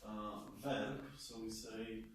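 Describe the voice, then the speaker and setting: Hesitant student in an echoey classroom. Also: male voice, fairly low pitch, completely flat delivery, slow, far from the mic, a little hiss or hum. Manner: tentative, hesitant answers.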